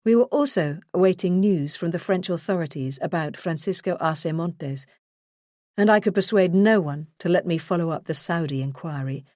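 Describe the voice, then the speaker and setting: Woman narrator, low pitch, measured, earnest, memoir reading, dry close studio sound. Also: mellow, no room sound. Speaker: audiobook narrator. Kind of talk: first-person memoir narration.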